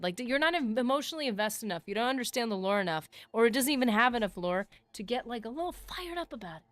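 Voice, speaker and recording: Excitable woman gaming streamer. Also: on the high side, fast talker, few pauses, dry recording. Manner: animated, excitable, chatty with chat. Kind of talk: casual livestream chat.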